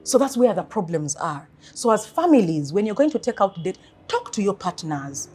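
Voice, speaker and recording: A woman financial coach giving earnest advice in an interview, telling animated stories. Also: medium pitch, normal speed, soft background music.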